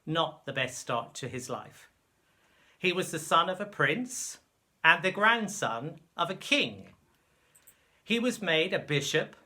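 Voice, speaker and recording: A man presenting a slow, clear school lesson video for children. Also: fairly high pitch. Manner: slow, clear, lively teaching voice. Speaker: teacher.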